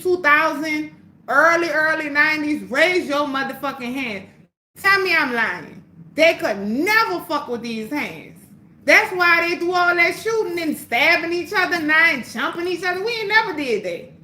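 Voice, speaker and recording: A woman on a livestream telling a story in a casual, animated way, full of swearing, her voice swinging between loud and hushed. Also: sits high. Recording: roomy echo, faint background hum.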